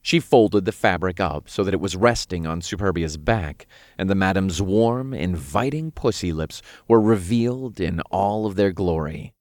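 A man reading a first-person story as narrator in an even, unhurried way. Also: deep voice, dry recording, studio quality.

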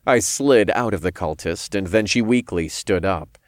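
A man reading a first-person story aloud in a calm, measured way. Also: sits low, no room sound, clean studio sound. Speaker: narrator.

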